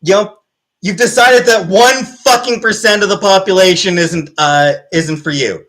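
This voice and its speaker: A woman's voice: mid-range voice, sing-song, normal speed, fairly bright tone, rough recording. A woman livestreamer ranting angrily and profanely to her chat, with an exasperated, mocking edge. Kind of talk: live-stream rant.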